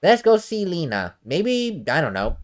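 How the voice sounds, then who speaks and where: A woman's voice: on the low side, sing-song, measured pace, a little mellow. A woman giving chatty, laughing commentary on a game she is playing. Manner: chatty, laughs often, self-deprecating. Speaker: let's play host. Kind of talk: casual gameplay commentary. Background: faint game music.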